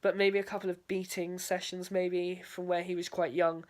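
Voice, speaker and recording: Hesitant young woman with a lowish voice. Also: little pitch movement, moderate pace. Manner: hesitant, many fillers and "sort of". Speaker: drama student. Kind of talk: spoken video diary.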